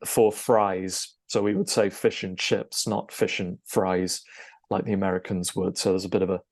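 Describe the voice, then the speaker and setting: Man, teacher, low voice, dry close sound, explanatory, says okay a lot. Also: no room sound. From Britain. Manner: explanatory, with frequent "okay" and "um" fillers. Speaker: IELTS teacher. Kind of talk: recorded lesson to camera.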